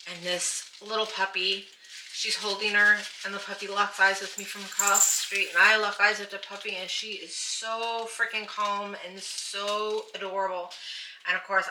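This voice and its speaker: Casual host, woman; animated storyteller heard from across an echoey, noisy room. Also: mid-range voice, normal speed. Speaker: channel host. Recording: roomy, distant and noisy.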